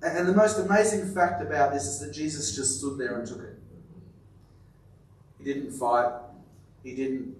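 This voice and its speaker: A man preaching a sermon, emphatic and repeating his words, often dropping to a quiet, stressed delivery. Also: medium pitch, steady tone, moderate pace, long pauses, a little hiss or hum. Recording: very echoey room, voice from a distance.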